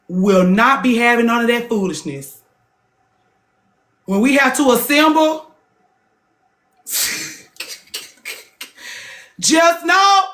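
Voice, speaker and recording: A podcast host runs a casual livestream chat, talking bluntly and animatedly. She jumps into higher voices when she wants to emphasize something.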